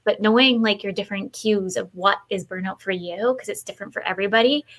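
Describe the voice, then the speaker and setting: A woman's voice: medium pitch, quick pace, fairly bright tone, rough recording. A woman hosting a casual podcast, earnest and frank, while losing her voice. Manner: earnest, frank, with many "like" fillers. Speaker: podcast host.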